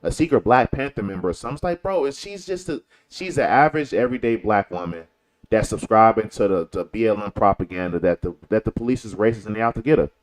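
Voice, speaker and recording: With a lowish, animated voice and a quick pace, this commentary host from Chicago, who lives in Texas, keeps things loose and full of slang. He circles back over his points for emphasis.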